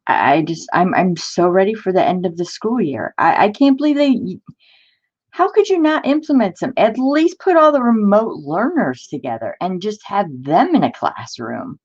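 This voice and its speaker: A woman's voice: mid-range voice, very animated, moderate pace, darkish tone, breathy edge. Exasperated woman venting, dull lo-fi sound. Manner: exasperated, talks to live chat viewers. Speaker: crafting channel host. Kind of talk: casual venting while crafting.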